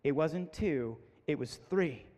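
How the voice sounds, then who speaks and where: A man's voice: on the high side, slow pace. A man in his forties telling comic stories to students at a school assembly, acting out voices. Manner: animated, acts out voices, comic. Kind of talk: storytelling talk to students. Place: school hall. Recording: echoey hall.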